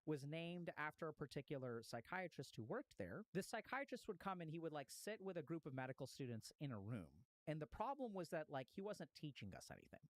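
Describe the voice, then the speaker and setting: Male psychiatrist, animated casual storyteller, lively pitch, dry close sound. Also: dry recording, rough recording. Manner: lively, casual slang and swearing.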